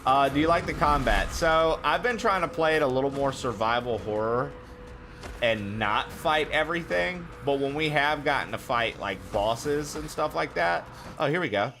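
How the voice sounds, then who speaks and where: A man's voice: fairly high pitch, normal speed, noisy background. A man streaming a horror game, chatting casually with viewers, rambling and swearing freely. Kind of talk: casual gaming stream chat.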